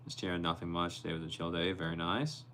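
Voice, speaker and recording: A man's voice: low-pitched, flat delivery, fast talker, bright, forceful tone, slight background noise. A young man hosting a casual livestream from his bedroom, reading viewers' comments aloud and answering each one by name. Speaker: livestream host.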